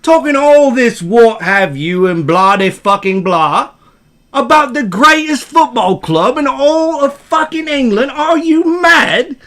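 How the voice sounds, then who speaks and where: A man's voice: extremely high pitch, animated, slow, fairly bright tone, pitched above the performer's own voice, exaggerated voice. A man voicing a brash English football fan, ranting with mock anger and heavy swearing.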